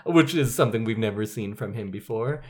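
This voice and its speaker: Brief: wry podcast co-host, casual movie chat, pitch swings widely. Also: lively intonation, brisk, a little mellow.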